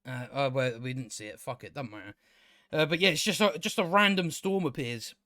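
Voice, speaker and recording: A man's voice: medium pitch, fairly quick, pushed and bright, no echo, clean studio sound. A man giving a casual, rambling review of a TV episode, exasperated and incredulous, with many fillers and restarts. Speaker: TV show reviewer.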